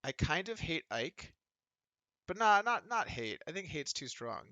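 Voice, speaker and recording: A man with a slightly high, pushed, bright voice and big pitch swings chats casually at an unhurried pace while streaming online poker from home, in a dry recording. He rambles sardonically and does mocking impressions of other people.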